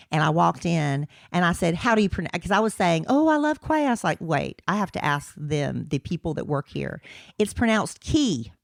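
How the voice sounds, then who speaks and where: A woman's voice: sits low, gravelly, dry recording, studio quality. A woman from South Carolina co-hosting a podcast, chatting casually and rambling as she searches for words. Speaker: podcast co-host. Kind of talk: casual chat.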